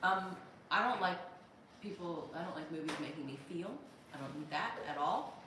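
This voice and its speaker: A woman hosting a casual live stream, reading viewer comments aloud in an animated, chatty way and laughing often. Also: fairly low pitch, moderate pace, far from the mic. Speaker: livestream host. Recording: echoey room, voice off-mic, noisy.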